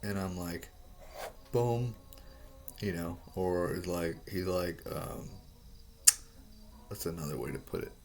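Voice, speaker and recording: A man explaining a drawing in a rambling, halting way, swearing often and restarting his sentences. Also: low voice, darkish tone. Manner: profane, halting, full of restarts.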